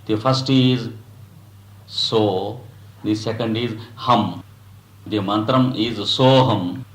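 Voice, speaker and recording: A man guiding a breathing practice as a yoga teacher, speaking in slow, measured phrases with long pauses between them. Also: fairly low pitch, steady tone, reverberant, low-quality recording. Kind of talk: guided breathing instruction.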